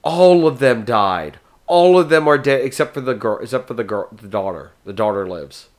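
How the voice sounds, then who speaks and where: A man hosting a podcast, chatting casually about movies in an excitable, rambling way. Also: medium pitch, normal speed. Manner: excitable and rambling, jumps between thoughts. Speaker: podcast host.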